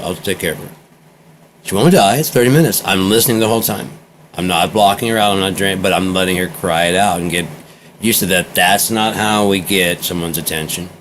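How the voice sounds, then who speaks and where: Brief: deep-voiced male vlogger, meandering journal-style talk, faint hiss behind. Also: a bit bright. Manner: meandering, repeats himself, loose and candid. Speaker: vlogger keeping a spoken journal. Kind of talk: rambling personal monologue.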